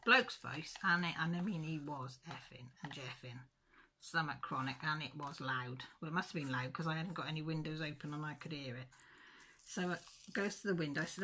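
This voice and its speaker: A woman's voice: sits low, normal speed, bright, forceful tone, a little hiss or hum. A woman, chatting casually to her channel viewers and telling a funny story with mild cussing. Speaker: craft channel host. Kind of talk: casual chat.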